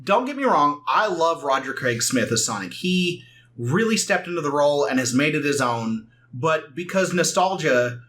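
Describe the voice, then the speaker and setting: A man doing casual let's play commentary, animated and quick to laugh. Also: on the high side. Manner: animated, laughs often, breaks into excited exclamations.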